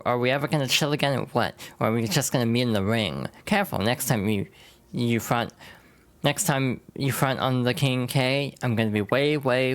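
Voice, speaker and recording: A woman's voice: rumbling low, vocal fry. Woman reading as a cocky swaggering wrestler. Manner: swaggering, boastful. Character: brash cocky wrestler, male.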